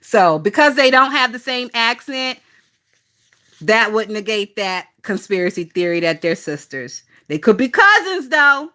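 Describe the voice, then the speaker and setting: Woman, gossip streamer, bright and punchy voice, swears freely, laughs a lot. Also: fairly high pitch, sing-song, measured pace. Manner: chatty, profane, laughs often, talks to chat. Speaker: gossip channel host. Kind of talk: casual livestream gossip chat.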